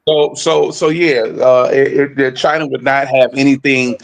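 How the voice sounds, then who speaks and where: A man co-presenting a casual online discussion, talking haltingly with many fillers and restarts, speaking on a phone. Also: mid-range voice, fairly even intonation, vocal fry.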